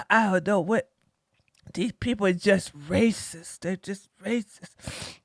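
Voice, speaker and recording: A woman's voice: mid-range voice, slow pace, dry recording, studio quality, pitched below the performer's own voice. Woman doing a whiny, sulking defeated politician. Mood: sulky. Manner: whiny, mocking impression.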